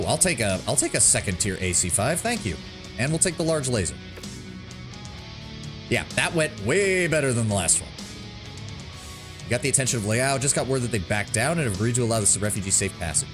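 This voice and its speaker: A male streamer giving casual, swearing gameplay commentary with wry reactions. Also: medium pitch. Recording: game music loud under voice.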